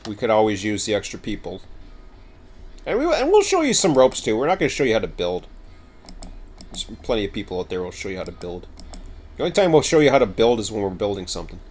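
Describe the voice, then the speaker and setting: A man hosts a casual game livestream from home, talking in a loose, rambling way and teasing himself. His voice sits a little low. Typing on a keyboard clicks in the background. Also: huge pitch swings, quick pace, pauses often, a little mellow, slight background noise. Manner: rambling, chatty, self-mocking. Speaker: game streamer.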